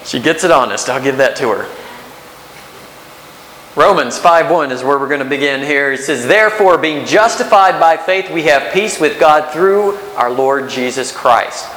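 A man's voice: on the high side, lively intonation, moderate pace, a bit bright. A man in his thirties preaching a sermon as pastor, conversational, with rhetorical questions and restarts. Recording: echoey hall with faint hiss.

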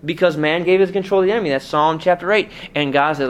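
A man's voice: on the high side, quick pace, few pauses, slight background noise. A male pastor preaching a sermon in a conversational way, asking the congregation rhetorical questions.

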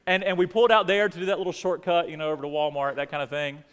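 High-voiced preacher in a reverberant hall. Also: male voice, flat delivery, rapid-fire, fairly bright tone, clear, resonant tone. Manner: preaching with rising emphatic outbursts and dramatic drops. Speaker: pastor. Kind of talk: sermon. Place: church sanctuary.

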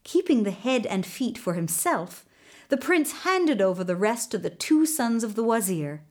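A woman's voice: a little high, very animated, normal speed, darkish tone. A woman telling a fairy tale in scripted storybook narration, giving the characters their own voices.

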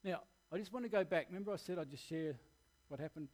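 Preaching to his church, an Australian man shares his own story earnestly and candidly. He talks fast in a plain, direct manner. His voice is a touch higher than most men's, with a darkish tone.

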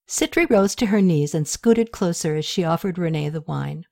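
A woman narrating a story aloud in a steady, even manner, her voice set slightly low. The delivery is measured and consistent from line to line. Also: creaky, no room sound, studio quality. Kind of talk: audiobook narration.

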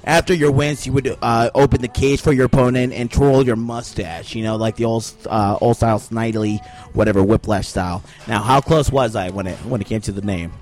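A man's voice: on the low side, steady tone, a little fast, hardly any pauses, a little mellow, faint music behind. A man hosting a casual podcast interview, playful and teasing, swearing freely. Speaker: podcast host.

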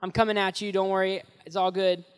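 A man voicing a calm male teacher figure, speaking in a relaxed, reassuring way, in a hall with long echo. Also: high voice, a little fast, clear, resonant tone, natural voice. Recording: long echoey hall reverb.

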